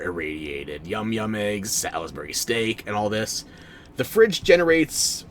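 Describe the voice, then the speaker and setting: A male streamer chats over his gameplay with a dry, sarcastic edge. His pitch swings a lot as he talks. He is at an average pitch for a man. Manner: wry, sarcastic, talks back to chat. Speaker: streamer playing a game. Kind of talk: casual gameplay commentary.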